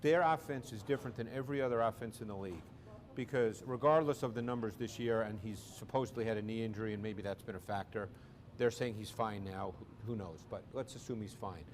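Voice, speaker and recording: A man with a New York accent, a football analyst explaining a team's offense in a measured, emphatic way on a pregame panel show. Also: fairly low pitch.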